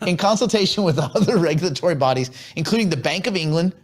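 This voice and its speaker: A man's voice: on the high side, fairly quick. A man co-hosting a casual chat show, joking and teasing his co-host.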